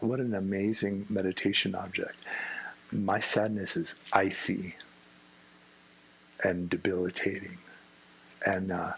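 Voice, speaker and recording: Gravelly-voiced man teaching meditation. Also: on the low side, poor audio. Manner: slow, gentle, self-mocking humor. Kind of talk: dharma talk to a meditation group. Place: meditation room with a group.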